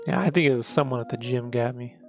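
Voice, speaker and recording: Male podcast host, gravelly, mid pitch, teasing and relaxed. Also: quick pace, soft background music. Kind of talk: casual chat.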